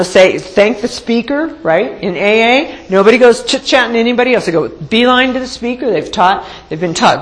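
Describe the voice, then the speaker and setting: A woman sharing a personal recovery story at a meeting, telling it with lively acted-out quotes. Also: medium pitch, rough recording. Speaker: meeting speaker.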